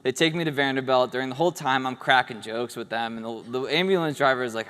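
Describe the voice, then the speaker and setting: A man's voice: mid-range voice, fast talker, hardly any pauses, fairly bright tone, clear, resonant tone. A man giving an award speech, telling a story in a casual, humorous way and acting out the quotes. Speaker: award speaker. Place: event hall stage. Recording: echoey hall.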